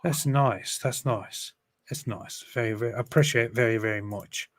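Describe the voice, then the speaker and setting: Joking guy on a livestream reading chat, dead dry sound, regular pitch. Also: moderate pace, no echo. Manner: joking, reads comments aloud, laughs often. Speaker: livestream co-host reading viewer comments.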